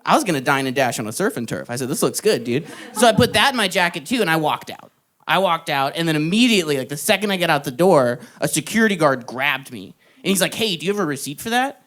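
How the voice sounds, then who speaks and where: A young man doing stand-up, telling a story in an animated way, laughing along and jumping into loud put-on voices. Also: a little high, quick pace. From Texas. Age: young adult. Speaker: stand-up comedian. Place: live comedy club stage.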